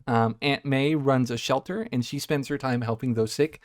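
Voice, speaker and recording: A man's voice: medium pitch, moderate pace, no echo, clean studio sound. A man co-hosting a podcast, casually retelling scenes from a video game with quoted lines. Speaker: podcast co-host. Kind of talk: casual chat.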